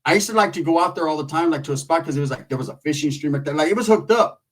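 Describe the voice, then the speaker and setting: Man, storyteller, husky, slightly high voice, profane, laid-back. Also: very fast. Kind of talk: casual storytelling.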